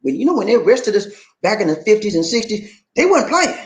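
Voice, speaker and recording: A man hosting a casual livestream and reading viewer comments, animated and prone to repeating phrases. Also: high voice, fast talker. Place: home in the Philippines. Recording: echoey room.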